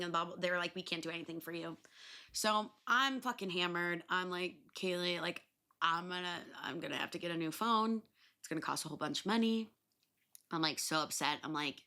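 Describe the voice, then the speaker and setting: A woman in her twenties hosting a podcast, telling a story in a casual, animated way, swearing freely and acting out what people said. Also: on the low side, a little fast. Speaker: podcast host.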